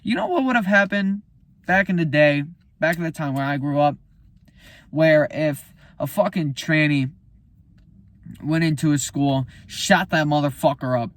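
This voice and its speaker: A man's voice: on the high side, measured pace, dry recording. A man, a musician, talking about his album in a casual, profane, heated rant. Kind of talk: casual unscripted monologue.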